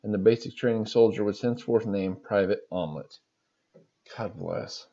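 A man's voice: fairly low pitch, steady tone, brisk, dark tone, lo-fi sound. A man hosting a podcast, reading funny stories aloud and reacting with laughs between them.

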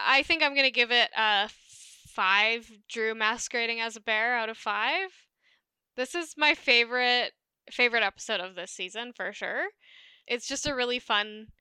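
A woman's voice: fairly high pitch, normal speed, sharp tone, clean tone, dry recording. A woman co-hosting a podcast in casual chat, emphatic and prone to repeating her phrases. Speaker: podcast co-host.

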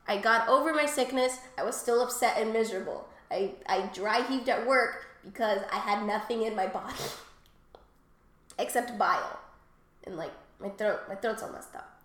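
A woman's voice: fairly high pitch, moderate pace, a bit bright, echoey room. A woman co-hosting a podcast, telling rambling, crude stories with lots of fillers and laughs, and coughing after a cold. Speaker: podcast co-host. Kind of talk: casual chat.

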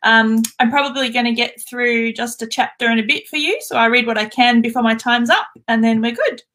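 Australian woman, guest author, casual chat and reading, higher voice. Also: brisk, a bit bright.

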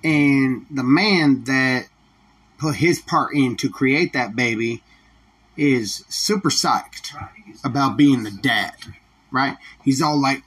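A man's voice: medium pitch, takes it slowly, a bit bright, breathy edge. A man hosting a solo podcast, ranting bluntly with heavy swearing. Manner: profane, blunt, defiant. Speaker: podcast host. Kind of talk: solo opinion rant.

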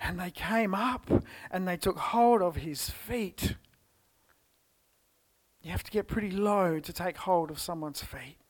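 A man with an Australian accent preaching a church sermon, telling the story expressively and moving between loud exclamations and hushed tones. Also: high voice, a little slow. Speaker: pastor. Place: church service.

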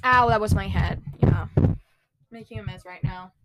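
A young woman hosting a casual solo podcast, ranting loudly with swearing and sudden screams while tidying her room. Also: medium pitch, normal speed, very noisy. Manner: swearing, loud outbursts and screaming. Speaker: podcast host.

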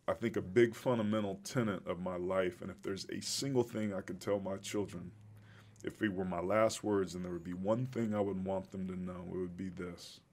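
Middle-aged man, low voice, earnest and reflective guest storyteller. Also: a little mellow. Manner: reflective, earnest, emotional at times. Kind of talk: emotional personal storytelling.

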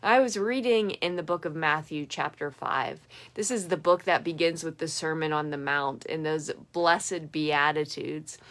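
A young adult woman giving an earnest, emphatic devotional reflection that speeds up and slows down. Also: low voice, fairly bright tone. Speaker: devotional podcaster.

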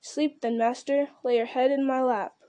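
A woman voicing a loyal, plain-spoken male servant, homely and protective, a little gruff, in an audiobook reading. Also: high-pitched, fairly even intonation, normal speed, dark tone, close to an everyday voice. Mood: tender.

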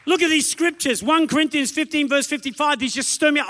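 A man preaching a sermon, emphatic and exhorting, pressing his listeners in quick bursts. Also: extremely high pitch, pushed and bright, long reverb tail, a faint crowd.

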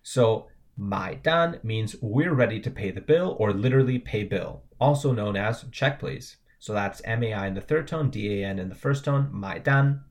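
A man's voice: lowish voice, expressive, moderate pace, few pauses. A man co-hosting a language lesson podcast, chatting casually as he spells out pinyin letters and tones for learners. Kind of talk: casual teaching banter.

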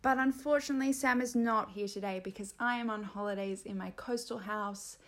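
An Australian woman hosts a solo comedy podcast in a middle-pitched voice, rambling and mocking herself with playful asides. She talks straight to her listeners in a loose, chatty way. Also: fairly quick, fairly bright tone. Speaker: podcast host.

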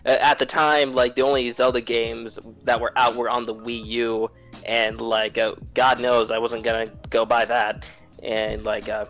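A man's voice: mid-range voice, little pitch movement, moderate pace, a bit bright, soft background music. Rambling gamer guy with endless fillers. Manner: rambling, heavy on fillers and swearing. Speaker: podcast co-host. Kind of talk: casual gaming chat.

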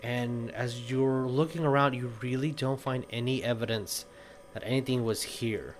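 A man running a tabletop game as game master, describing scenes with many pauses and fillers. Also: mid-range voice, fairly even intonation, slight background noise. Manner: unhurried, pausing with fillers.

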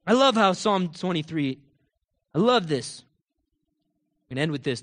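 A man preaching a sermon, jumping from loud emphatic declarations to quiet low asides and acting out quoted lines with rising fervor. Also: sing-song, moderate pace, pauses often. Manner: acts out quoted voices and scripture with rising intensity. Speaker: pastor.

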